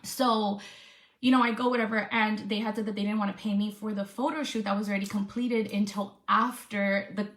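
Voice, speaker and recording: A woman influencer telling a storytime vlog, upset and venting with some swearing. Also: medium pitch. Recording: echoey room.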